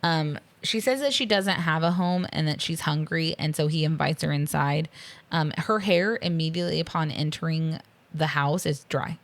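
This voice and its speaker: A woman's voice: sits low, moderate pace. A woman co-hosting a podcast, casually recapping a movie scene by scene with playful quoted asides. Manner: animated, retells scenes with playful quoted voices. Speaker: podcast co-host.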